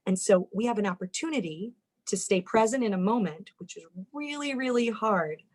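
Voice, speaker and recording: A woman family therapist giving a lively talk on parenting, acting out the inner voices of parents and kids, often repeating words as she goes. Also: mid-range voice, moderate pace, low-quality recording. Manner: animated, acts out parents' and kids' inner voices; repeats words and restarts sentences when speaking.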